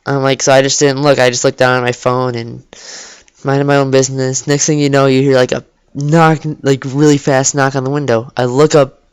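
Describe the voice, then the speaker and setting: A teenage boy tells a story in a rambling, halting way, leaning on "like" and false starts. His voice is smooth and clear at a middle pitch. The sound is dry and close, recorded in his bedroom. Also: flat delivery, no echo. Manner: rambling, full of "like" and restarts. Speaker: vlogger. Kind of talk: casual storytelling. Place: cold bedroom.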